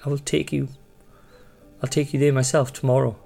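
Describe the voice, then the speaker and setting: A man's voice: mid-range voice, flat delivery, gravelly, dark tone, husky, faint music behind, voice pushed up. A man putting on a tired dying woman with a Scottish lilt. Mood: hospitable. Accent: attempted Scottish. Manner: halting, repeats herself, fading into sighs. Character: weary, dying woman host of a safehouse.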